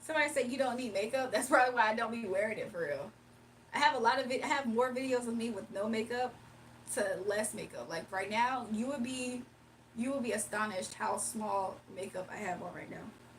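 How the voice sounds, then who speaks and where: A woman's voice: a little high, fairly quick, fairly bright tone, distant mic, slight background noise, poor audio. A woman from Virginia hosting a late-night livestream, chatting casually, reading comments aloud, and laughing often. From Virginia, United States. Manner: laid-back slangy talk, laughs often. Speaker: livestream host.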